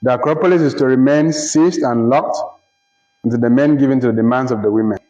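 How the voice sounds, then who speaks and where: Male lecturer, deliberate and repetitive, recorded in an echoey room with muffled, lo-fi sound. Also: medium pitch, warm tone. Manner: deliberate, repeats phrases, checks understanding. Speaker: literature lecturer. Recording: roomy, dull lo-fi recording.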